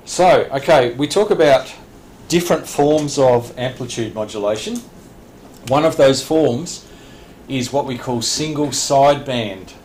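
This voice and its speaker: A man's voice: medium pitch, a little slow, a little mellow. Guy teaching a radio class, keeps restarting sentences, roomy echo. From Australia. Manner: plain explaining with frequent restarts and small laughs. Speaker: radio licence instructor. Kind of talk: classroom lecture. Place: training room. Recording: echoey room, faint background hiss.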